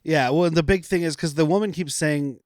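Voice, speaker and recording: A man's voice: fairly high pitch, fairly quick, a little mellow, no room sound, clean studio sound. A man co-hosting a podcast, retelling a movie's plot in a rambling, joking way. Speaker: podcast co-host. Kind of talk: casual comedic movie recap.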